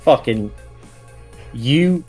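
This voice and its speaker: A man's voice: mid-range voice, lively intonation, very slow, a little mellow, faint music behind. A man voicing a dazed, battered young man who has just woken up, groggy and rattled, swearing as he talks.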